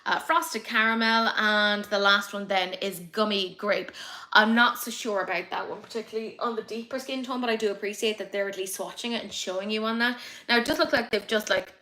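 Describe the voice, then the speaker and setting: A young woman hosting a casual makeup livestream, chatty and excitable as she reads comments. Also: mid-range voice, brisk. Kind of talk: casual live chat reading comments.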